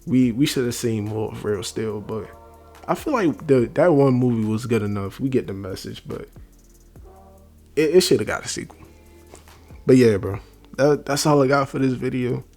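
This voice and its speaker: A man giving casual film commentary at home, talking quietly and rambling, calling the listener "bro" again and again. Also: medium pitch, normal speed, pauses often, faint music behind. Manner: rambling, says "bro" constantly. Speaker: movie reviewer. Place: at home at night.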